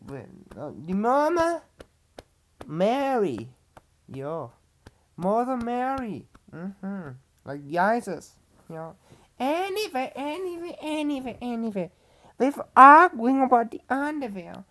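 Woman playing rambling Farmer Johan. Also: sits high. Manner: rambling, repetitive, easily sidetracked, mock-outraged. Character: rambling, bumbling male farmer telling absurd tales. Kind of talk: comic podcast monologue in character.

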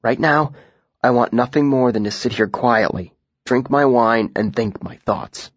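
A man voicing a young man in disguise who talks quietly with a put-on rasp in his throat. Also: medium pitch, no echo, muffled recording. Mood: hushed. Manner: hushed, deliberate.

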